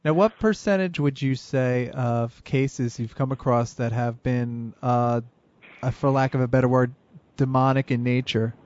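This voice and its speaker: A man hosting an interview, asking questions in a measured, slightly hesitant way. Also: medium pitch, darkish tone, dry recording. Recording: dull lo-fi dry audio.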